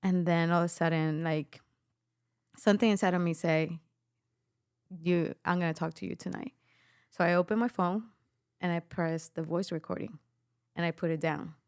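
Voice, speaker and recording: A woman's voice: on the low side, moderate pace, clear, resonant tone, no echo, clean studio sound. A young adult woman giving an emotional personal testimony as a podcast guest, acting out the voices of the people in her story. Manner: animated storytelling, acts out quoted voices.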